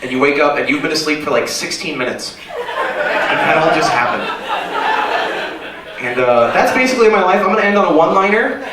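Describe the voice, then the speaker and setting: A man's voice: fairly high pitch, animated, a little fast, pauses often, a loud crowd. A man doing a rambling, self-deprecating stand-up set on a small club stage. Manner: rambling, self-deprecating, jumps into silly voices. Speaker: stand-up comedian. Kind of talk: stand-up set at an open mic. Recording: echoey room, mic from far off, noisy.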